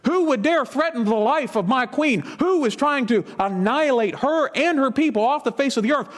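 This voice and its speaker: A man's voice: extremely high pitch, expressive, moderate pace, voice pushed up. A man voicing an enraged ancient king, firing off outraged questions as he tells the story in a sermon. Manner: shouting indignant questions.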